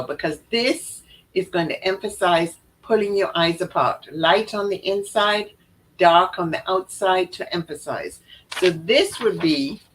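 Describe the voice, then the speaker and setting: A woman with a lowish, somewhat bright voice gives a chatty live makeup tutorial, showing steps on camera and often repeating or correcting herself. The recording quality is low.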